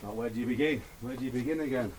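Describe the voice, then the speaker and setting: A man's voice: medium pitch, very fast, heavy background noise. A man who works as a car trader, talking bluntly to himself and swearing as he walks around the lot. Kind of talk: casual walk-around vlog talk.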